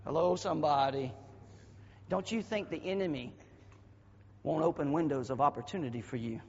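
A man from the American South with a Southern accent, preaching a sermon as pastor with a husky voice, dropping to quiet asides and then bursting into loud shouted passages. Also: fairly high pitch, moderate pace. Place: church sanctuary. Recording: dull audio with long hall reverb.

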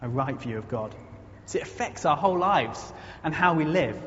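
A man's voice: fairly high pitch, lively intonation, moderate pace, a bit bright. A man preaching a conversational sermon in a church, earnest and storytelling, building to emphatic repetition. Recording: echoey muffled hall recording, faint noise.

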